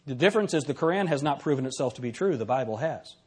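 A man giving a classroom lecture, reading examples aloud and putting questions to his audience in an animated, conversational way. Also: mid-range voice, fast talker, husky.

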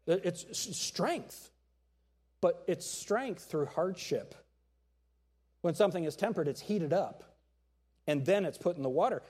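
Middle-aged male pastor, lively sermon delivery, voice sits high and swings widely, acts out quotes. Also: measured pace, long pauses, breathy edge. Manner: animated preaching with acted-out quotes and jokes.

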